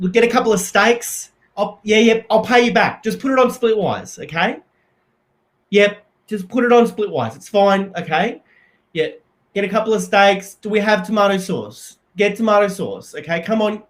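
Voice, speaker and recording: Man doing a bossy, frazzled Aussie housemate; higher, louder, rushed. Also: lightly acted. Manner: loud, rushed and exasperated. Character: frazzled young man bossing his housemate.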